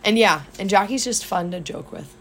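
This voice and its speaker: A woman's voice: medium pitch, normal speed, a little hiss or hum. A woman co-hosting a podcast as a gym coach, telling stories in a casual, laughing way from a small office. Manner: laughing, animated storytelling. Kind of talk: casual chat.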